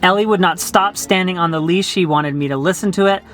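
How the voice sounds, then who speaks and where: A man's voice: high voice, brisk, a bit bright. A young adult man telling a story in a chatty, easygoing way as a vlog co-host. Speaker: vlogger. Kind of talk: casual storytelling.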